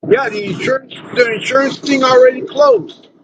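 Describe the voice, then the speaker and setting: A man's voice: extremely high pitch, sing-song, moderate pace, gravelly, dull audio, background noise. A man live-streaming from his car, chatting loosely with friends and viewers in slangy, casual talk.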